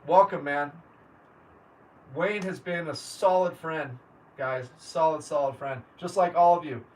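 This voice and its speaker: Picked up by a distant mic amid faint background noise, a man with a fairly high, darkish voice talks a little slowly. He's hosting a livestream, casually reading comments and greeting viewers by name.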